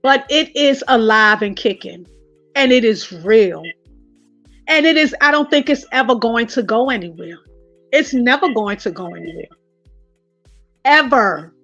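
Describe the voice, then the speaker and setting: A woman giving casual commentary, telling stories in a lively way and speaking directly to her viewers. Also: fairly high pitch, unhurried, pauses often, dry recording, dull audio, soft background music. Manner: animated storytelling, addressing viewers as "y'all". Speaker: online commentator.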